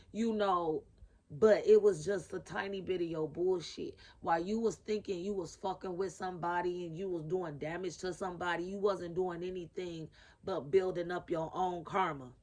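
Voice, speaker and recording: A woman's voice: lowish voice, a little mellow. A woman giving a casual spiritual reading to camera in a blunt, profane, emphatic way, repeating her key phrases. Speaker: spiritual reader.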